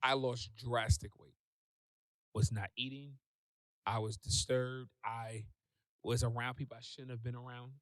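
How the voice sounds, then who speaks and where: A man, a guest on a talk show, telling a personal story in a lively way and acting out what people said. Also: medium pitch, unhurried, pauses often, no echo. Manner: animated, acts out quoted voices. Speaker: podcast guest.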